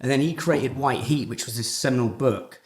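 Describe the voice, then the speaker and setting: A man's voice: medium pitch, brisk. A male podcast host with a mid-range voice, chatting casually. He rambles through his points and swears often. He says "yeah" again and again. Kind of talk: casual chat.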